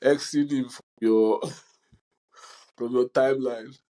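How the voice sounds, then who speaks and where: He's a young podcast host who draws out his words in a mid-range voice while animatedly recounting stories and laughing a lot in relaxed chat. Poor audio.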